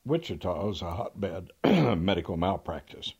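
Older male lawyer, raconteur, deep husky voice, dry wit, throat-clearing. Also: sing-song, normal speed, a little mellow. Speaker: trial lawyer. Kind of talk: anecdotal storytelling.

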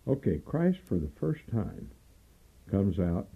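An older man, a trial lawyer, telling long stories in an interview and often clearing his throat. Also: low-pitched, big pitch swings, slow pace. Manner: rambling storyteller, frequent throat clearing. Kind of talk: oral history interview, storytelling. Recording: dull lo-fi tape, faint music.

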